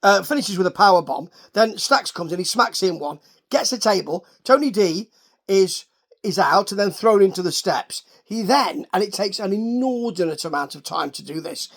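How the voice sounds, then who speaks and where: A man giving a casual, rambling recap of a wrestling show, wry and full of asides. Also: sits high.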